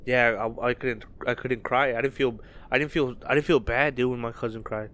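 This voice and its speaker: Young man, podcast co-host, casual profane chat, mid-pitched. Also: steady tone, a little fast, a bit bright. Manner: loose, profane, musing.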